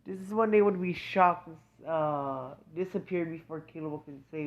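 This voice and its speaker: A woman's voice: low voice, moderate pace. A woman improvising a fan-fiction story, rambling and hesitant, correcting herself often. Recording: dull lo-fi recording.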